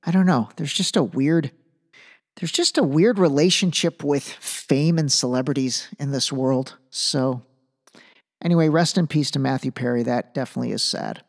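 A man's voice: medium pitch, moderate pace. A man hosting a podcast solo, talking in a loose, chatty way and slipping in jokes. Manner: loose, chatty, jokey asides. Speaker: podcast host. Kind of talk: casual solo podcast commentary. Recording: long room reverb.

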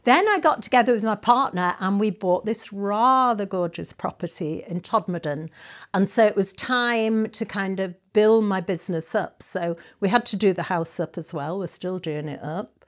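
A woman's voice: medium pitch, normal speed. An older woman with a polished, posh lecturing voice, talking as a guest in a casual interview. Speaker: guest, yoga teacher.

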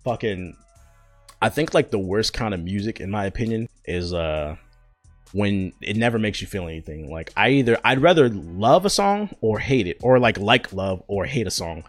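A man's voice: on the low side, big pitch swings, normal speed, dry recording, faint music behind. Laid-back, slangy young man on a podcast. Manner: loose, profane and slangy, with many fillers. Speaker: podcast host. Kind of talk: casual storytelling chat.

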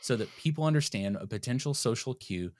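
A man co-hosting a podcast in casual chat, animated and joking. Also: mid-range voice, fairly quick, dry recording, studio quality. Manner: animated and joking, swings up and down in delivery. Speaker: podcast co-host.

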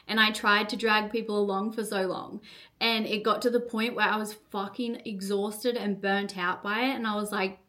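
A woman's voice: medium pitch, flat delivery, normal speed, pushed and bright. A young woman hosting a solo motivational podcast as a coach, fiery and full of swearing and "like" fillers. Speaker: podcast host and business coach.

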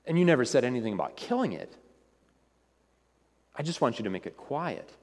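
A man's voice: medium pitch, sing-song, a little fast. A man voicing a nervous, evasive, wispy ghost-like man who stammers out pleading excuses, in a reverberant hall. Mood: alarmed.

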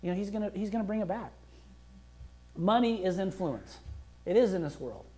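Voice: mid-range voice, expressive, moderate pace, dark tone. A pastor preaching a sermon in a conversational, emphatic way, acting out prayers and quotes as he goes. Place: church.

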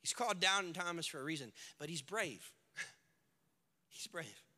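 A male pastor preaching a sermon, retelling scripture scenes with animated storytelling and building to shouted climaxes. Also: on the high side, moderate pace, pauses often, long reverb tail.

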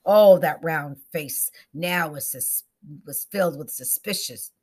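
A woman reads a story aloud in a lowish, husky voice, full of expression. She drops to hushed whispers at tense moments and lifts her voice for the drama. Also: slow. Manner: expressive, shifting into soft whispers and raised character voices.

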